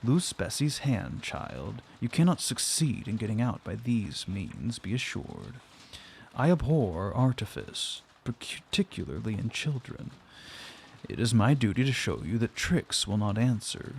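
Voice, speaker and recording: A man's voice: fairly low pitch, sing-song, measured pace, vocal fry, slight background noise, exaggerated voice. A man voicing a stern, cold aunt giving severe orders in a storybook reading. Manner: clipped, authoritative.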